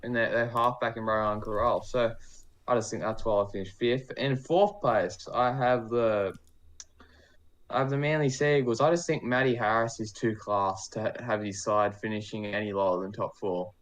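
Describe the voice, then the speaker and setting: A man's voice: on the low side, fairly even intonation, moderate pace, fairly bright tone. A man co-hosting a casual podcast, easygoing and rambling, often correcting himself. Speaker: podcast co-host giving predictions.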